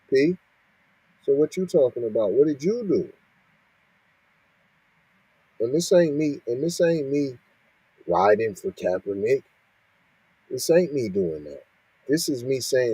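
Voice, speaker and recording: A man reads out news and keeps cutting in to scold, firing off rhetorical questions. His voice is dark and husky. It is recorded dry and close. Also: mid-range voice, lively intonation, measured pace, long pauses, no room sound, low-quality recording. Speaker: podcast host reacting to news. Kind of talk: reading and ranting commentary.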